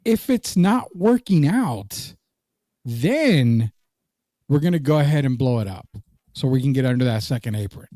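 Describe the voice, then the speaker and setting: A man's voice: mid-range voice, animated, a little slow, dark tone, no room sound, clean studio sound. A man co-hosting a casual sports podcast, joking and reading live comments aloud. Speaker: podcast co-host.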